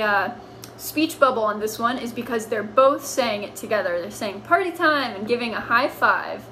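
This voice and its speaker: A woman's voice: a little high, fairly bright tone, slight background noise, rough recording. A woman teaching a lesson on writing comics, explaining patiently as if to children.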